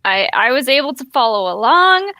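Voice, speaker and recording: A young woman on a podcast panel, chatting enthusiastically in a slightly halting way. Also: sits high, very animated, bright, forceful tone. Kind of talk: casual chat.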